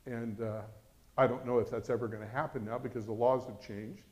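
A man preaching a sermon as pastor, animated and acting out quoted voices. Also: medium pitch, fairly quick.

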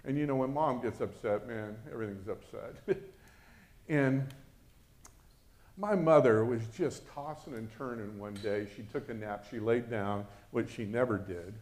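A man's voice: mid-range voice, a little slow, darkish tone. A man preaching a sermon, telling a personal story and acting out the voices of the people in it. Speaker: pastor.

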